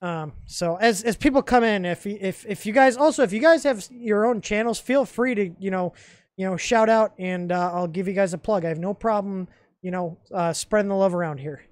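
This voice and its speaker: A man's voice: high-pitched, moderate pace, no echo, studio quality. A young man co-hosting a casual live stream chat, blunt and opinionated, joking with his co-host.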